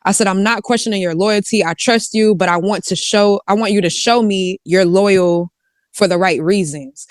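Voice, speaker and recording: A woman's voice: mid-range voice, normal speed, no echo, clean studio sound. A woman, casually reading text messages aloud with asides and some swearing. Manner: reads texts in quotes, with asides and swearing.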